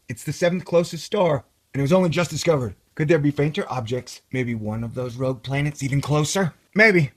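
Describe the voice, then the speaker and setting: A man's voice: on the high side, a bit bright. A man hosting a casual commentary video, reading an article aloud with sarcastic, rambling, jokey asides. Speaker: video host.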